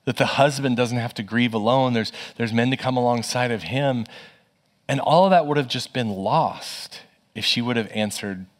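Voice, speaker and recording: A man's voice: medium pitch, moderate pace. A middle-aged man, a pastor, preaching a sermon in an earnest, conversational way, telling personal stories and repeating phrases for emphasis.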